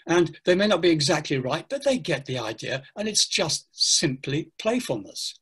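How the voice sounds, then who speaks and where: Older male teacher trainer on a video call, husky and a touch high, playful and animated. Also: moderate pace. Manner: playful, animated, acts out classroom lines. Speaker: pronunciation teacher trainer, guest. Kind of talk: casual interview talk.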